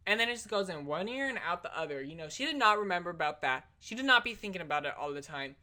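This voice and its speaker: A woman's voice: on the low side, lively intonation, quick pace, hardly any pauses, pushed and bright. A young adult woman telling stories for her vlog in a chatty, slangy way, full of "like" and "literally". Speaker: vlogger. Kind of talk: casual storytelling vlog.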